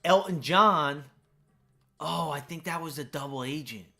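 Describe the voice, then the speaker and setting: American guy streaming a game, rambly and chatty, bright voice, keys clacking behind. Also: on the high side, fairly quick, vocal fry. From United States. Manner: rambling, chatty, full of fillers. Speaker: gaming streamer. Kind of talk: casual chat while playing a game.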